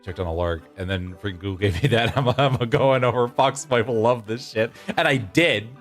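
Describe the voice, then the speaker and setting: A man in his thirties with a fairly low voice chats loosely with his viewers during a game stream. He laughs easily and restarts his sentences as he thinks aloud. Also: moderate pace, soft background music. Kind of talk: casual gameplay chat with viewers.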